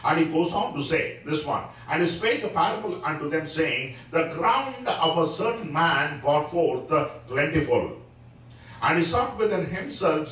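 Man, Sabbath School teacher, deliberate emphatic preaching, slightly high voice, booming hall echo, distant mic. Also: animated, a bit bright. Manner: slow, emphatic preaching with fillers. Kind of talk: church Bible-study sermon. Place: church hall.

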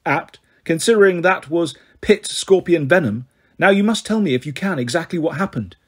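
A man voicing a wise, patient male centaur teacher in an audiobook, speaking in a measured, firm and gently insistent way. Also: a little high, expressive, slightly rough. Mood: grave, gentle. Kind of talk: audiobook character reading.

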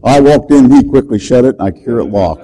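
An older man preaching, telling a story dramatically and shouting the commands he quotes. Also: medium pitch, expressive, fast, slight background noise, poor audio. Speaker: deliverance preacher. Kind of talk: storytelling sermon.

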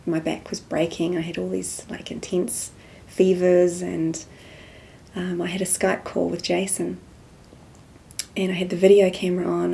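A woman, softly telling a personal spiritual story as an interview guest. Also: lowish voice, little pitch movement, measured pace, creaky, slight background noise. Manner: soft-spoken storytelling, acts out quoted dialogue.

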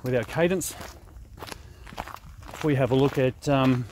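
A man's voice: medium pitch, a little slow. Australian man talking while walking. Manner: relaxed, conversational, often asks "right?". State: slightly short of breath from walking. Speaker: host and spiritual director. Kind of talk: walking vlog teaching prayer. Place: outdoors in bushland on a walking track. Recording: faint outdoor noise.

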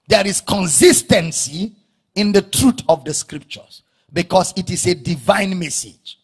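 Male preacher, very high husky voice, slow delivery with bursts of shouting and chanted emphasis. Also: lively intonation. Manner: preaching with sudden shouts and sing-song rises, drawing out key words. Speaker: pastor. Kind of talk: sermon.

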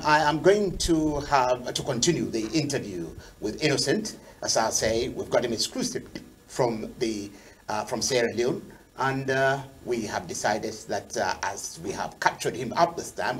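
A man runs a talk show in a measured, courteous manner. His voice sits at an ordinary pitch. He questions a guest politely and introduces each track. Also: lively intonation. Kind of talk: formal interview hosting.

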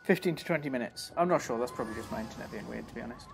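A man's voice: mid-range voice, very fast, creaky. A man giving chatty, self-mocking live commentary while he plays a video game and talks to his viewers. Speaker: streamer playing a game. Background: game music.

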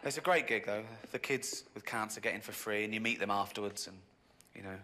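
A middle-aged man with an English accent doing a stand-up comedy set, mocking and sardonic, sometimes jumping into a high squeaky voice for the people he quotes. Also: a little fast, bright, forceful tone. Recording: video game audio capture with background noise.

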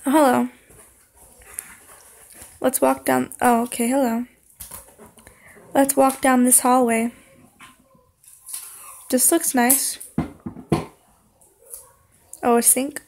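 A young woman playing a horror game, talking to the screen, singing along and yelling when scared. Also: high-pitched, level tone, takes it slowly, vocal fry, long pauses, a little hiss or hum. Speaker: gaming channel host. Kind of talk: horror game let's play commentary.

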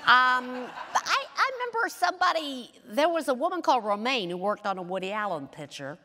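A woman with a slightly high, lively voice talks as a guest on stage. She is animated and breaks into laughter often. Her voice carries a long hall reverb. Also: fairly quick. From England. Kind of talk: onstage interview chat.

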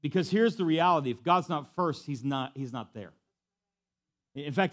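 A pastor preaching a sermon to a church, repeating key lines for emphasis and swinging from quiet to loud. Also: male voice, a little high, expressive, normal speed. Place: church sanctuary.

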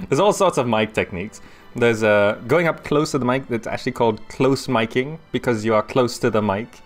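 A man casually commenting as he plays a city-building game, chatty and quick to laugh, recorded on a desk microphone at home. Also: medium pitch, soft background music. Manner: chatty, laughs often, talks through his thoughts aloud. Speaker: gaming YouTuber. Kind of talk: casual let's-play commentary.

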